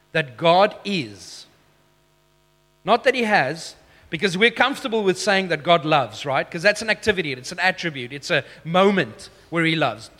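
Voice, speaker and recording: A man preaching a sermon as pastor, emphatic, slowing down for key phrases, with self-deprecating asides. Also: a little high, sharp tone, in a large hall.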